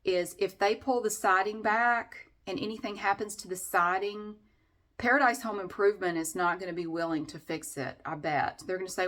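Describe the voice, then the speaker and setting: A woman's voice: medium pitch, fairly quick, fairly bright tone. Sarcastic Southern woman venting. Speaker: vlogger. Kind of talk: ranting vlog.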